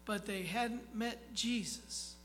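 A pastor preaching a sermon in a conversational way, often checking in with the listeners and reading scripture aloud slowly with emphasis. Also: mid-range voice, steady tone, fairly bright tone, slight background noise, poor audio. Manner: conversational, keeps checking in with "okay?".

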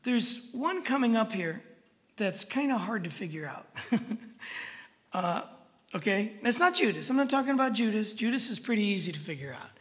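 A preacher with a bright, forceful voice teaches through scripture, talking to the listeners in an emphatic, conversational way. The sound carries a long reverb, as in a large hall. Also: medium pitch, animated, normal speed. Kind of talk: sermon, verse-by-verse Bible teaching.

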